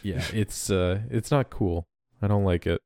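A man's voice: low voice, a little slow, darkish tone, no room sound, studio quality. A man in a casual podcast chat, giving blunt opinions with hesitant starts.

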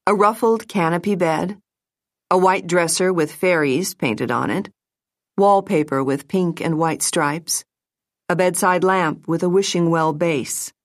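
This is a woman with a lowish voice telling an audiobook story in a calm, even way. The recording is dry and has a clean studio sound.

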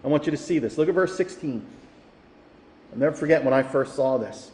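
A man's voice: medium pitch, lively intonation, brisk, pauses often, darkish tone. A male pastor preaching a sermon that builds to fervent emphasis. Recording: echoey hall, reverberant.

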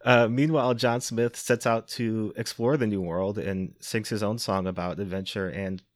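A low-voiced man recaps a film for a podcast, loose and wry, with frequent "um"s and quick laughs. The sound is dry and close, with hardly any room around him. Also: fairly even intonation, dry recording. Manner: wry, laughing, filler-heavy. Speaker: podcast host. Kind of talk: casual movie recap.

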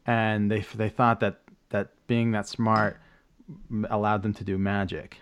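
A man's voice: fairly low pitch, level tone, a little slow, smooth, lo-fi sound. Rambling, hesitant male podcast host. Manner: rambling recap with many fillers and restarts; joking asides with laughs. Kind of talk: casual chat.

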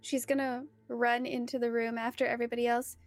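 A woman with a high voice plays a tabletop game and speaks partly in character. She is chatty and giggly, and now and then slips into a put-on accent. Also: flat delivery, brisk, soft background music. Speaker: player.

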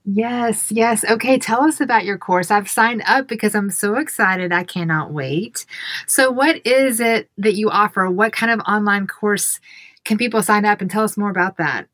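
A woman's voice: medium pitch, normal speed, a bit bright, no echo. A woman hosting a podcast, asking her guest questions with eager enthusiasm. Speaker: podcast host. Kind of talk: podcast interview.

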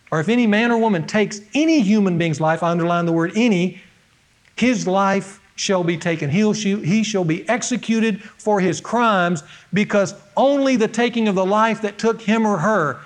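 Male pastor, high-pitched voice, emphatic sermon, earnest teaching tone. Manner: earnest, emphatic, stresses key words.

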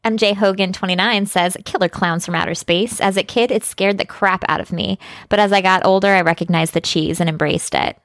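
Woman cohost, mid pitch, quick little yeahs and agreeing, dry close mic. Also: steady tone, dry recording. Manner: quick agreeing replies, laughs along. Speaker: podcast co-host. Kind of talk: casual chat.

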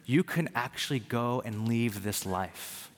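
A man's voice: medium pitch, unhurried. A man preaching a sermon in an earnest way, building to emphatic points. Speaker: pastor. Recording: long reverb of a large hall.

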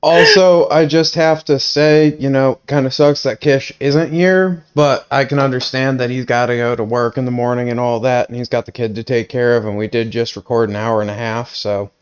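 A man's voice: mid-range voice, fairly even intonation, normal speed, hardly any pauses, clean tone, muffled recording. A man co-hosting a podcast in casual chat, laid-back and steering the talk to the next topic. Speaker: podcast co-host.

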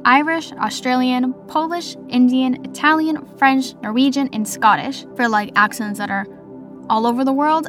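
A young adult woman with a Boston accent, chatting casually as a podcast host and filling her talk with "like". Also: fairly high pitch. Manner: chatty, heavy use of "like" fillers. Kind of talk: casual chat monologue.

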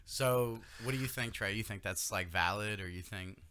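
A man's voice: fairly low pitch, moderate pace, pushed and bright, smooth. A man co-hosting a casual podcast, rambling about conspiracies and laughing often. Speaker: podcast co-host. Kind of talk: casual chat.

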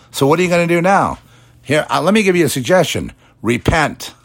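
A middle-aged man hosting a religious commentary show, preachy, mocking imagined critics in put-on quoted voices. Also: mid-range voice. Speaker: podcast host.

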